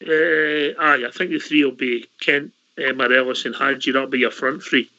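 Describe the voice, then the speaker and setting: A man's voice: medium pitch, steady tone, normal speed, sharp tone. A man with a Scottish accent hosting a casual fan call-in show, chatty and using local words. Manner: chatty, uses local words like aye and wee. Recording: lo-fi online call audio.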